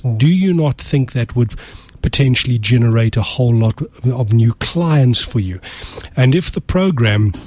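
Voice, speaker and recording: A man's voice: mid-range voice, darkish tone, dry recording, dull audio. A man co-hosting a radio talk show, earnest and motivational, often repeating words as he presses a point. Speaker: radio co-host.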